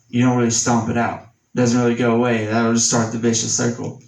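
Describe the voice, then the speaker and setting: Southern man, Sunday school teacher, folksy and plain-spoken; even delivery, reverberant church room. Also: medium pitch, vocal fry, recorded from a distance. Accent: Southern American. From Tennessee. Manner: casual, folksy explaining with homespun examples; reads scripture slowly and deliberately. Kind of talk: Bible teaching. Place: church classroom.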